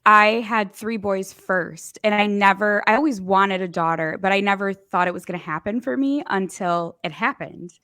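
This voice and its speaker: A woman hosts a relaxed podcast conversation, recorded dry and close. She tells stories in a lively, animated way, leaning on "like" and laughing often. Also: medium pitch, normal speed, few pauses, smooth, dry recording. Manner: lively storyteller, many "like" fillers, laughs often. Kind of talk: casual chat.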